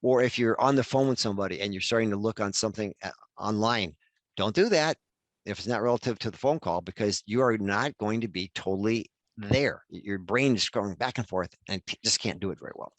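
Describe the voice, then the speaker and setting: A man's voice: lowish voice, dry recording. An older man in his sixties presenting a workshop over a video call, chatty and addressing attendees by name. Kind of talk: webinar workshop talk.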